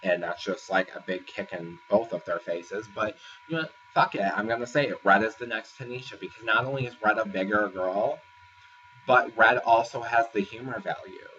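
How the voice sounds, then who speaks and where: Man, casual reality-show recapper, lower voice, bright tone, rambling delivery. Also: normal speed, slight background noise. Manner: rambling, filler-heavy retelling. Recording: distant, dull lo-fi sound with faint ambience.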